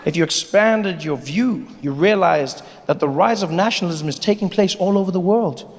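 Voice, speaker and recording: A South African man with a high voice performs stand-up comedy on stage in a large hall, speaking at a moderate pace. He tells stories animatedly and acts out voices, and the recording carries live hall reverb and audience noise.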